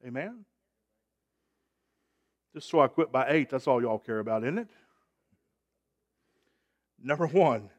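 A man preaching a sermon as pastor, emphatic and rising in volume on key points. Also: fairly high pitch.

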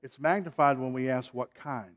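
In his sermon, this man of medium pitch alternates booming, emphatic appeals with soft, lingering phrases and calls on the congregation for a response.

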